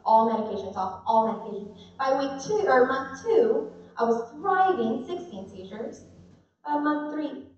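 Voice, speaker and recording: Animated woman in an echoey hall. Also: high voice, measured pace. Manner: animated, storytelling, conversational. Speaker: patient giving a testimonial. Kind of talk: live talk to an audience. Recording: echoey hall, voice from a distance, dull sound.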